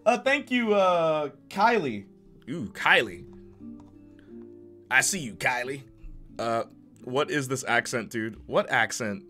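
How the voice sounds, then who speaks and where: Young male streamer, lively and bright-toned, chatty, stumbles over repeated words, faint music underneath. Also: medium pitch, a little slow, long pauses. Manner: laughs often between remarks. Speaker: live streamer. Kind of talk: casual live-stream chat.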